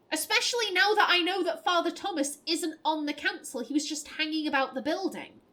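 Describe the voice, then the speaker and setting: Brief: woman let's-player, high and lively voice, unhurried delivery, chatty and giggly. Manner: chatty, laughs often, thinks aloud. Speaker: let's play gamer. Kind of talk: game playthrough, reading dialogue aloud with commentary.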